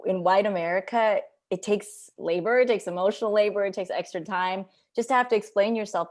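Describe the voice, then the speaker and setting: A woman's voice: fairly low pitch, darkish tone. A woman filmmaker on a video call panel, speaking thoughtfully, searching for words, with casual slang. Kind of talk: reflective panel talk.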